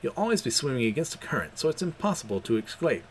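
A man voicing a proud young male mage who threatens coldly and can erupt into shouts. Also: medium pitch, sing-song, fast talker, slight background noise. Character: cold proud young male water mage, rage beneath calm.

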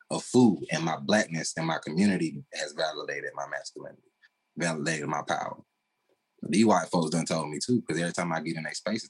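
A man's voice: deep voice, slightly rough, low-quality recording. A man in casual podcast conversation, talking emphatically in slang and laughing often.

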